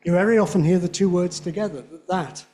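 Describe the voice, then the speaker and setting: A man lecturing at a conference, his voice sitting a little high for a man. He keeps it conversational, asks "yeah?" after his points and says his examples slowly and carefully. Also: a little mellow, slight background noise. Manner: chatty, checks in with "yeah?", repeats examples slowly. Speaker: guest lecturer on English phonetics. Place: lecture hall with an audience.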